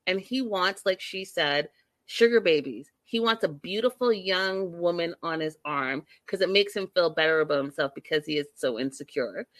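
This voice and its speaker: A woman hosting a casual live-stream recap of a reality show, talking to viewers in a sassy, animated, exasperated way. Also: fairly low pitch, moderate pace, dry recording.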